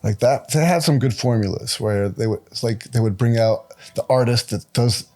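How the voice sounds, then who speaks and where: Animated man telling stories on a podcast. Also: medium pitch, moderate pace. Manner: animated, acts out quotes with raised voice. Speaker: guest tattoo artist. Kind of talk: casual podcast storytelling.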